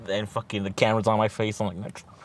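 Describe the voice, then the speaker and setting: A young man tells a story fast in a loose, rambling way, piling up fillers and curse words. His voice sits a bit low. A faint hiss of noise runs under the recording. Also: steady tone. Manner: rambling, heavy swearing, lots of fillers. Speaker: podcast co-host. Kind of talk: casual storytelling chat.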